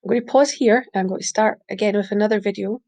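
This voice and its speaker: A woman reads a short story aloud in a mid-pitched voice. Her reading is steady and unhurried, with the odd slip she stops to correct. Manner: steady reading with small slips and self-corrections. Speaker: reader. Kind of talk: audiobook reading.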